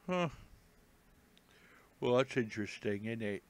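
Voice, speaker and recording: A man's voice: medium pitch, lively intonation, takes it slowly, long pauses. A man hosting a casual live stream, reading headlines aloud with rambling, jokey, self-mocking asides.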